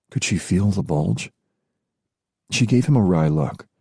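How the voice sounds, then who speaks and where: Man, audiobook narrator, very deep voice, dark tone, husky, dry sound. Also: lively intonation, a little slow, pauses often, no room sound. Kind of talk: scripted narration.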